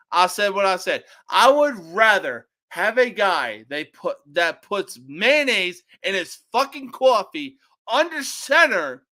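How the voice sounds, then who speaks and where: A young man hosting a sports podcast, giving profane, opinionated game picks that burst into shouting rants. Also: high voice.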